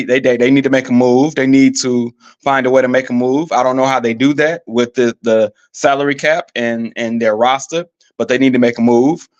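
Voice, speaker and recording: Chatty man hosting a live sports show. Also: mid-range voice. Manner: chatty, asks viewers for opinions, frequent ums. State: coughing, slightly rough throat. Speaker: podcast host. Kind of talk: casual live-show commentary. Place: staying abroad in Paris.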